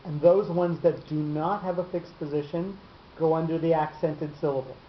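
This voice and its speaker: A man teaching a class on reading marks. He pauses a lot and stumbles over repeated words. The room is echoey, and the recording sounds muffled under a faint hiss. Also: a little high, fairly even intonation. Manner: halting, many fillers and repeated words. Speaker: Torah teacher. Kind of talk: explaining cantillation marks in a class.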